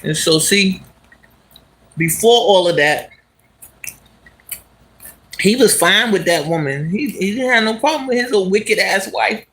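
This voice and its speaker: An animated vlogger walks through the city and retells a movie plot in loose, slangy street talk. The voice swings up and down often and breaks into laughter. It leans on the listener with repeated asides. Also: medium pitch, measured pace, pauses often. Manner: animated, slangy, laughs as it talks, asks "you understand?". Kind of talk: casual storytelling while walking.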